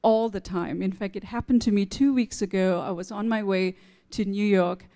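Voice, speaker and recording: A woman who came to the United States from abroad, moderating a live panel and telling a humorous, animated story. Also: mid-range voice, normal speed. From outside the United States.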